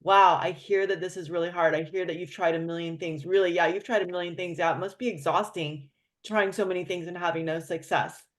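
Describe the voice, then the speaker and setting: A woman hosting a casual chat, telling a story with lively, acted-out quotes of other people. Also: lowish voice, fairly quick. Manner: animated storyteller, acts out quoted voices. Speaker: host.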